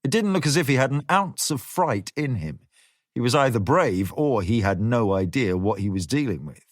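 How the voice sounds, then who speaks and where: A man narrating a thriller audiobook in a measured, expressive reading. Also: medium pitch, no echo, studio quality.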